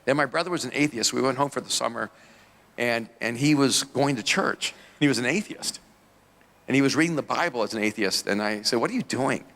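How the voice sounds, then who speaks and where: A pastor as interview guest tells a story in a loose, rambling way, restarting sentences and chuckling at himself. His voice has a gravelly edge. The sound carries the long reverb of a hall. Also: medium pitch, fairly quick, fairly bright tone.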